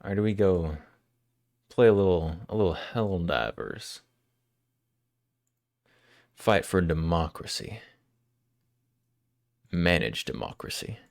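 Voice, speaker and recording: A man's voice: low-pitched, lively intonation, slow, gravelly, pauses often, a little mellow, no echo, clean studio sound. A man live-streaming, chatting casually and jokingly with his viewers as he answers their questions.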